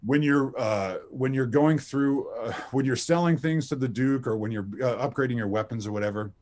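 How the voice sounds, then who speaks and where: A man in his thirties, a voice actor being interviewed, who tells anecdotes in a lively, laughing, casual way. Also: medium pitch, normal speed. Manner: animated, anecdotal, laughs often, many restarts. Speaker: voice actor guest.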